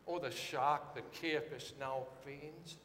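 A man preaching a sermon with dramatic swings, rising to shouted quotes and dropping low and quiet. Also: steady tone, takes it slowly, echoey room, long reverb tail, slight background noise.

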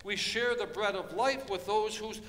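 A man preaching a sermon, telling a story dramatically and dropping from hushed tones to loud ones. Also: high-pitched, unhurried, a little hiss or hum. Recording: long hall reverb.

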